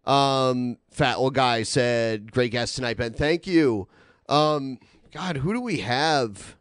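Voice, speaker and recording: A man's voice: medium pitch, slow, smooth, no echo, clean studio sound. A man hosting a casual podcast, rambling through announcements and reading donation messages aloud with lots of filler words. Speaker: podcast host.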